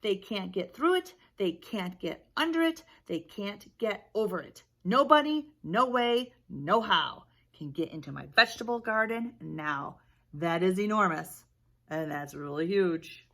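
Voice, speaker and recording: A woman's voice: mid-range voice, expressive, a little slow, fairly bright tone. A woman voicing a grumpy, boastful old farmer man in a storybook read-aloud, huffing and gloating. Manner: huffy, gloating.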